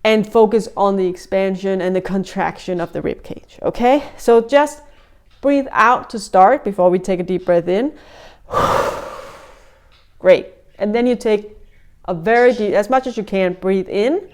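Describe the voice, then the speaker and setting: A woman with a smooth, resonant voice talks listeners through a breathing exercise. She sounds gentle and a little out of breath, and she often restarts her sentences as she explains each step. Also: mid-range voice, moderate pace. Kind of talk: guided breathing lesson.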